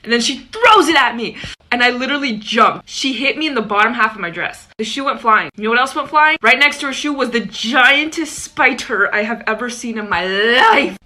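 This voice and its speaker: A woman telling a casual storytime in an animated, chatty way. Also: on the high side, a little fast. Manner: animated, chatty, acts out dialogue.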